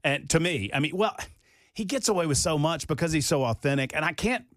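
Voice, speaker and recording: A man hosting a talk radio show, chatting casually with a guest and telling stories in an animated way. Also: fairly quick, dry recording, studio quality. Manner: animated storyteller, lively pitch. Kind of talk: casual interview chat.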